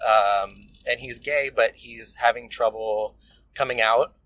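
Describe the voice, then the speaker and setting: A man's voice: medium pitch, fairly even intonation, slow pace, bright, forceful tone, low-quality recording. A young man co-hosting a podcast, teasing and enthusiastic, with lots of fillers. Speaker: podcast co-host. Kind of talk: casual chat.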